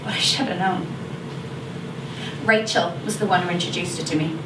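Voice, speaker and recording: A woman's voice: on the low side, moderate pace, lightly acted. A woman performing a monologue as an Irish teenage schoolgirl who is sheepish yet defiant, speaking in a chatty, confessional way with an Irish accent. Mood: gossipy. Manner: chatty, confessional, slips into gossipy asides. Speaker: stage actor performing a monologue. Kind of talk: theatrical monologue. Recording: echoey room, distant mic, noisy video call.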